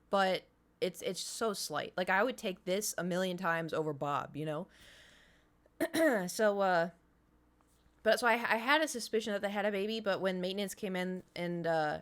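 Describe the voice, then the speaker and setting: A woman's voice: mid-range voice, expressive, moderate pace, long pauses, fairly bright tone. A woman streamer tells rambling stories to her viewers. She acts out noises and drops into whispers for emphasis, and her voice sounds a little worn. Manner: chatty storytelling with sound effects and whispered swearing. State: voice slightly strained. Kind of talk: casual chat to a live stream audience.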